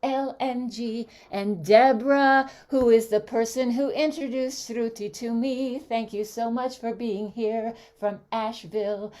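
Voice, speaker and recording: A woman hosts an online singing session over a video call, greeting people by name in a lilting, sing-song lilt. Her voice sits a little high, and she talks slowly, letting each welcome stretch out. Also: fairly even intonation, a little mellow. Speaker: host. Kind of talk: warm welcoming livestream greetings.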